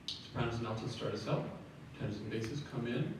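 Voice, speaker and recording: A man leading a choir rehearsal, giving brisk feedback on phrasing and breathing, counting the singers in and singing short sample phrases. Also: mid-range voice. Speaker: choir clinician. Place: large echoey rehearsal hall. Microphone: room recording from a distance. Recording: echoey hall from far off, faint noise.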